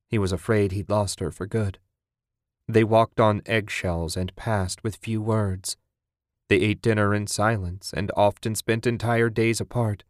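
Man reading a grim story, slow and serious, deep-ish voice, no room sound. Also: dry recording, clean studio sound. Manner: grave, measured reading. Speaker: narrator. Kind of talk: scripted dark story narration.

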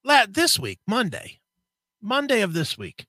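A man telling a long story in casual conversation, swearing freely and getting animated. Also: high-pitched, unhurried, dry recording. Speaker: co-host.

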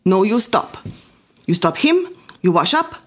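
A woman's voice: mid-range voice, big pitch swings, measured pace, voice pushed up. A woman voicing a stern immigrant mother who scolds her children in broken English. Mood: scolding.

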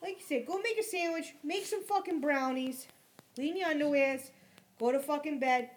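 A woman co-hosting a casual podcast chat, ranting in a crude, profane, animated way. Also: sits high, moderate pace.

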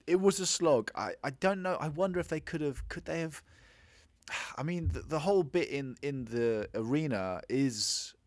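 A man's voice: on the high side, expressive, moderate pace, dry recording. Hesitant man, dry sound. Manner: hesitant, many restarts and trailing off. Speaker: film review co-host. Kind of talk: casual movie review chat.

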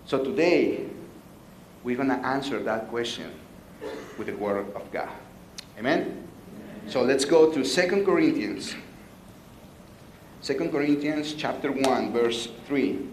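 A man's voice: mid-range voice, measured pace, long pauses, echoey room, a little hiss or hum, low-quality recording. A man preaching a sermon, playful and joking with his congregation. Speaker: pastor. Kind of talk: sermon with jokes.

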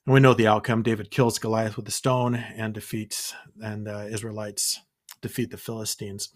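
A man's voice: fairly low pitch, little pitch movement, normal speed. A man hosting a scripture study podcast, talking in an earnest, encouraging way and retelling stories with quoted dialogue. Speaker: podcast host.

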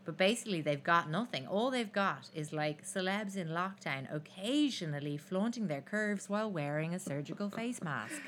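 A woman's voice: on the low side, expressive, moderate pace, few pauses, a bit bright. A young woman co-hosting a podcast, chatting in a wry, gossipy way. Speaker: podcast co-host. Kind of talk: casual chat.

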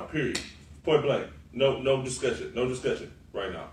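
A man co-hosting a podcast, talking football in a loose, animated, profane way and laughing often. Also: medium pitch, brisk. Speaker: podcast co-host. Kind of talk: casual sports chat. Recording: roomy, far from the mic, faint noise.

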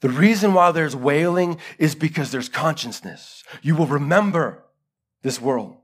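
A male pastor delivers a live church sermon with passion. His fairly high voice climbs into urgent appeals, then drops to low, hushed gravity. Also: animated, measured pace, husky. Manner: impassioned, swinging between loud urgency and hushed gravity.

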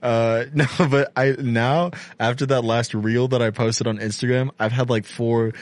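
A man's voice: mid-range voice, steady tone, moderate pace, no echo. A laid-back young man hosting a podcast, chatting loosely with a friend and laughing easily. His voice sits in an ordinary middle register. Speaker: podcast host. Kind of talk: casual chat.

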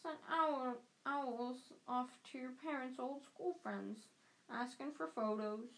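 A woman voicing a huge, guilt-ridden groundskeeper man who weeps through rough country speech. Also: sits high, slow, a bit bright, heavily acted, poor audio. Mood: gruff. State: crying.

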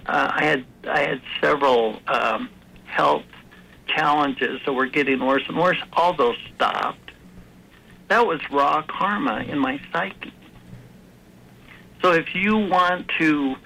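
Bright, gravelly-voiced man telling his story. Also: on the high side, slow pace, poor audio. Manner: earnest, storytelling, with restarts. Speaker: author and guest. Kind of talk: conversational interview.

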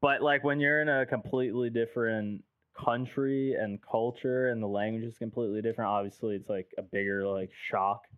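A man's voice: mid-range voice, fairly even intonation, fairly quick, hardly any pauses, clean tone, no room sound. Man with a dull, dry sound. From United States. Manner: loose storytelling, heavy filler "like", swears casually. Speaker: guest producer. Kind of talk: casual podcast chat.

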